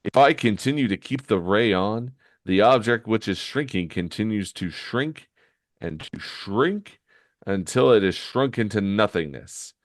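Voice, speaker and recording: A man voicing a scheming, gloating male comic villain, smug and measured, in a low voice. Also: animated, no room sound, studio quality.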